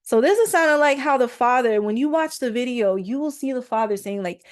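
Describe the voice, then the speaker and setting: A woman's voice: on the high side, lively intonation, a little fast, hardly any pauses. Woman doing a chatty podcast, lots of ums and likes, reading bible verses out. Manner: chatty, frequent fillers, reads verses aloud. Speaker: podcast host. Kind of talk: casual commentary with scripture reading. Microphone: microphone on a stand.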